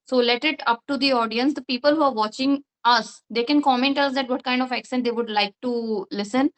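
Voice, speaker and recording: A woman with an Indian English accent speaks confidently as a guest in a casual discussion. Her voice sits a little high, and she argues her view with a few fillers. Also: steady tone, a little fast, fairly bright tone, low-quality recording. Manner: confident, opinionated, some fillers. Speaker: guest, advocate.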